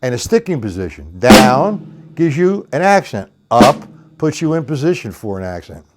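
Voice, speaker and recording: A man's voice: mid-range voice, very animated, normal speed, loud music behind the voice. A middle-aged man teaching drums on a live stream, counting beats and explaining technique in a blunt, rambling way. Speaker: drum teacher. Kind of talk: live-streamed drum lesson. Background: drums played between talk.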